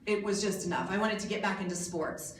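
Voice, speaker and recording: A woman's voice: mid-range voice, steady tone, brisk, slight background noise. An American woman in her forties giving a keynote speech to an audience in a large hotel hall, telling her story with jokes that poke fun at herself. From United States. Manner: jokey, self-mocking storytelling. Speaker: guest speaker. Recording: echoey hall from a distance.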